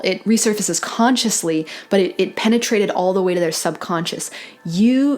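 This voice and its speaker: A woman giving an intuitive tarot reading to camera, talking in a dreamy, meandering way, often correcting herself with soft laughs. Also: medium pitch. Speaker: tarot reader.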